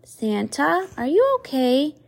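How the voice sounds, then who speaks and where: Mom doing cheery santa's wife, announcer-ish, high voice. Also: female voice, expressive, takes it slowly, creaky, exaggerated voice. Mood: cheerful.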